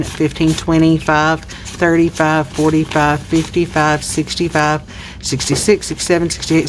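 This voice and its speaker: Low-voiced Southern woman counting cash. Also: a little hiss or hum. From Tennessee, US. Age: 30s. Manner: chatty, counts money aloud. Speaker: budgeting YouTuber. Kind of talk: casual vlog chat while counting cash.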